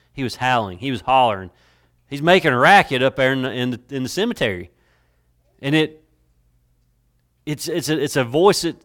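Man preaching, church sanctuary, worn mic, dramatic, drawn-out emphasis, repeats words. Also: medium pitch, a bit bright. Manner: repeats words and restarts while building a point. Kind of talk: sermon.

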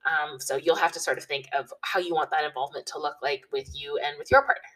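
A woman giving casual, relaxed wedding planning advice, talking chattily with lots of "you know" and "like". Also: low-pitched, fast talker, distant mic, poor audio. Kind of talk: casual advice talk to camera.

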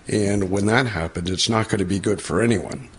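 Male landlord with a husky, lowish voice, speaking haltingly at a public comment. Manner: halting, searching for words. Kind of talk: public comment at a city council meeting.

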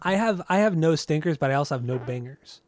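A man co-hosting a casual podcast, chatting about movies and music in a relaxed, rambling way with frequent restarts. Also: fairly high pitch, quick pace. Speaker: podcast co-host.

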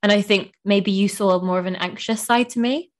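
A woman's voice: mid-range voice, steady tone, moderate pace. A young woman hosting a podcast, chatting casually and emotionally with lots of "like". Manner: gushing, emotional, heavy use of "like". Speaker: podcast host. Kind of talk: casual chat.

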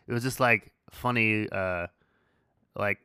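A man's voice: lowish voice, slow pace, pushed and bright, smooth, no echo. A man hosting a podcast, casually telling a story, swearing freely and laughing as he goes. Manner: laid-back, swears freely, laughs through his story. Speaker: podcast host.

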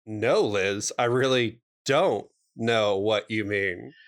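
A man's voice: on the low side, slow pace. A man co-hosting a podcast, recapping episodes with dry humor and puns. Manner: dry, wry wordplay and explanations. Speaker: podcast co-host. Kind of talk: casual recap chat.

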